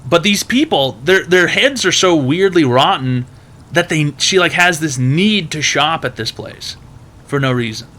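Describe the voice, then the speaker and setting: A man's voice: a little high, lively intonation, a little slow, sharp tone. A man hosting an advice stream who tells rambling, profane stories packed with "like" and other filler words. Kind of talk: casual storytelling.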